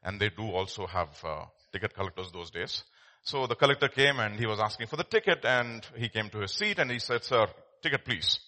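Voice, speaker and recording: A male pastor preaches a sermon, telling stories conversationally with many fillers and restarts. His voice is on the low side, expressive and fairly quick, with a pushed, bright quality.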